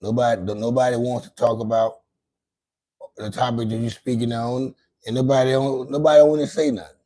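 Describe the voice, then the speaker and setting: A man's voice: medium pitch, flat delivery, brisk, warm tone, low-quality recording. Guy running a late night livestream, cussing, rambling on, keeps repeating himself, laid back chat. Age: adult with grown children. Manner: rambling, profane, repeats and restarts a lot. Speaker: livestream host.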